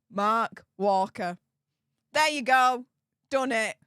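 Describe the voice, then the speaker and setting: Woman on a live stream, high bouncy voice, gushing thanks, dry close sound. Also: drawn-out words, a bit bright, smooth, dry recording. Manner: bubbly, repeats thanks many times. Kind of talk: live stream chat, reading super chats.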